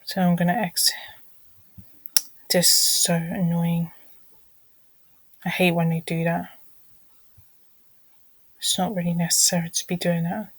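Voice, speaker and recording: A woman's voice: lowish voice, flat delivery, unhurried, long pauses, breathy edge, no echo, rough recording. A woman vlogging casually, talking through her screen, apologizing often and muttering irritated asides under her breath.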